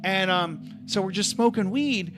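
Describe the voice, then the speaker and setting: A man's voice: sits high, a little slow, a bit bright, soft background music. A man hosting a livestream, telling a story in a casual, chatty way with lots of filler words and the odd swear. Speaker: livestream host.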